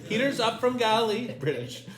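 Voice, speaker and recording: A man's voice: extremely high pitch, sing-song, a little fast, a crowd in the background. Man teaching a Bible lesson. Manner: asks the group questions, reads scripture aloud. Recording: echoey room with faint noise.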